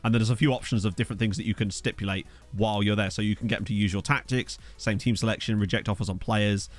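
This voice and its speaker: Young man, streamer, chatty, thinks out loud, quick, desk mic. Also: fairly low pitch, fairly even intonation, soft background music. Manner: chatty, thinks aloud, thanks followers. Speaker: streamer playing a football management game. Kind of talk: casual live-stream commentary. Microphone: desk USB microphone.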